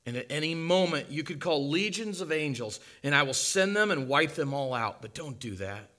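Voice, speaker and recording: A man preaching a sermon as a dramatic monologue, impassioned and swinging from loud to hushed. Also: a little high, expressive, normal speed.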